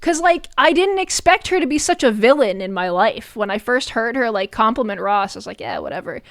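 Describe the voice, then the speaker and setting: A young adult woman streamer telling a story in casual chat, animated, swearing often and laughing between lines. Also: on the high side, fairly quick, no echo, clean studio sound.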